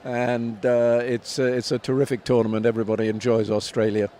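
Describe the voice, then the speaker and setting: A man in his seventies talks at a measured pace with plenty of ums and restarts. He sounds like a veteran commentator telling stories in an interview. His voice sits in a middle pitch, with faint noise behind it. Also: little pitch movement, mellow. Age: 70s. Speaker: tennis commentator and author, guest. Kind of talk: reflective interview answers.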